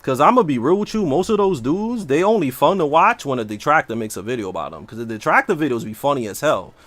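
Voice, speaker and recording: Fast and brash, this man chats in a mid-range voice while streaming a game, full of slang and animation. The casual gaming stream talk comes from a livestreamer, and the recording is dry.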